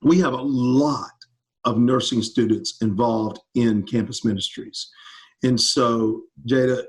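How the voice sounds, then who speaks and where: A man's voice: mid-range voice, darkish tone. A man, a campus ministry pastor answering students' questions in an enthusiastic, upbeat casual chat over a video call.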